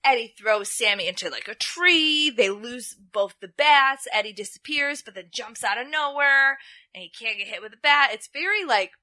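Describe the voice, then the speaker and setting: A young woman co-host tells a story in casual podcast chat, with a bright, higher voice that swings widely in pitch. She acts out the characters' lines and laughs as she goes. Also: normal speed. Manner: animated storytelling, acts out quotes, laughs a lot. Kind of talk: casual chat recapping a wrestling show.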